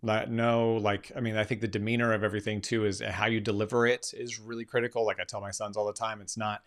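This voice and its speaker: A man's voice: lowish voice, flat delivery, fast talker, fairly bright tone. A man, a keynote speaker and coach, telling a story in an impromptu live session, earnest and emphatic, often restarting phrases.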